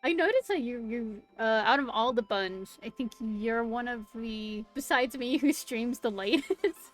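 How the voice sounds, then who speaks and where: A woman's voice: fairly high pitch, lively intonation, normal speed, soft background music. A bubbly young woman with a Californian accent, hosting a casual livestream interview and giggling often. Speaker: VTuber host, interviewer.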